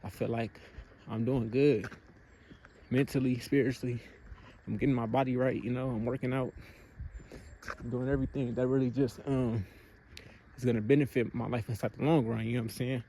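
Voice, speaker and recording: A man's voice: mid-range voice, level tone, fairly quick, pauses often, dark tone, slight background noise. A man talking casually to his phone camera, slangy and full of fillers, out of breath as he walks outdoors in the countryside. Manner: laid-back slangy talk with many fillers. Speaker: motivational vlogger. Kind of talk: casual vlog talk.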